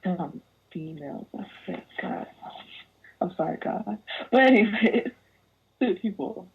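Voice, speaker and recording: Young woman podcast guest, lower husky voice, lively mocking rants over a thin tinny line. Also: unhurried. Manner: animated ranting, mocking put-on voices. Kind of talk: casual podcast chat. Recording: tinny phone-like audio.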